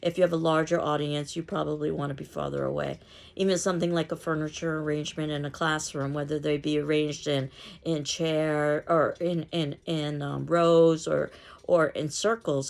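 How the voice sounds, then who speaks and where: A woman from New York City with a New York accent, lecturing on speech delivery. Her voice sits fairly low with a gravelly edge. She explains steadily and clearly, with the odd "um". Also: darkish tone. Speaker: public speaking instructor. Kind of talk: recorded online lecture.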